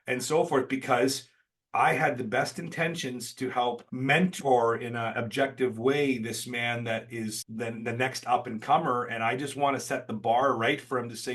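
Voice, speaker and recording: A man's voice: medium pitch, moderate pace, a bit bright. A man hosting a podcast, telling a story in an emphatic, blunt, self-deprecating way that includes swearing. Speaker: podcast host. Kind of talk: casual storytelling chat.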